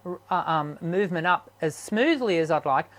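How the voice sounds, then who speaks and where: A man hosting a live online chat as a singing teacher, his voice strained from sickness, talking haltingly with many ums and restarts. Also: fairly high pitch, expressive, heavy background noise. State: sick, strained voice.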